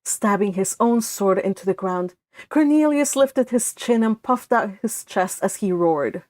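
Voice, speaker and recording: Mulher lendo uma história em voz alta. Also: female voice, medium pitch, measured pace, dry recording. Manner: steady storytelling with occasional slips. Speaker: fan fiction author reading aloud. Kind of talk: read-along narration.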